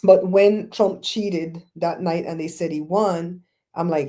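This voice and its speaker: A woman's voice: lowish voice, takes it slowly. Blunt ranting woman host. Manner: blunt, animated storytelling with mocking quoted voices. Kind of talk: casual talk-show rant.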